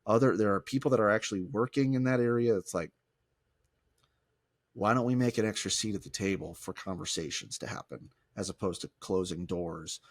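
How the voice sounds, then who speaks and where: A lowish male voice on a close, dry studio mic, a former pastor chatting on a podcast. He talks in an animated way, often restarting his sentences. The sound is close and dead. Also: a little fast, dry recording. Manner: animated, restarts often, mimics people in quotes. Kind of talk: casual conversational podcast.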